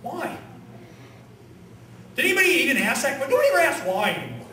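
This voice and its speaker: A man giving an animated rally speech at a conference, firing off rhetorical questions and leading chants. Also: extremely high pitch, fast talker. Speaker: conference speaker. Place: conference hall with audience. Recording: echoey hall, distant mic, crowd.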